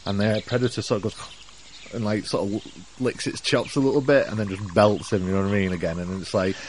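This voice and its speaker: A man co-hosting a casual film podcast in a fairly low voice. He retells scenes in an animated, rambling way. Faint background noise sits under him. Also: brisk. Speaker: podcast co-host.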